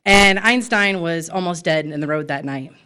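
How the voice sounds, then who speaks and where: A woman's voice: lowish voice, normal speed, pushed and bright, a little hiss or hum. An American woman and pet store owner speaking at a city commission meeting, impassioned and emotional, with frequent fillers. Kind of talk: public comment at a city meeting.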